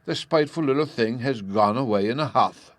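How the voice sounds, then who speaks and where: A man putting on a shrill, domineering noble lady from a storybook, pitched high and loud. She speaks with imperious force, recorded close and dry. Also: brisk, dry recording, lightly acted.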